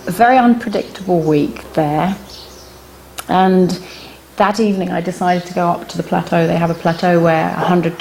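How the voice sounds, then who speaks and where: There's a faint hiss or hum as a middle-aged woman, an animal communication workshop teacher, shares a personal anecdote with a small audience in a workshop room. She is a lively storyteller who laughs often and springs suddenly high in pitch for punchlines.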